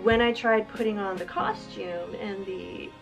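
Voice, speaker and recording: A woman telling a lively story as a guest in a casual chat, acting out quotes with laughs. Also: medium pitch, a little slow, creaky, over music, low-quality recording. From half American, half German. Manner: animated, acts out quotes, laughs often. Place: at home.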